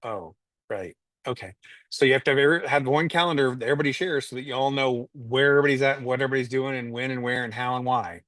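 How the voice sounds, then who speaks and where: A man in casual group chat, laying out points in a relaxed way with ums and a laugh. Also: mid-range voice, very fast, few pauses, no room sound. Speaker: panel guest.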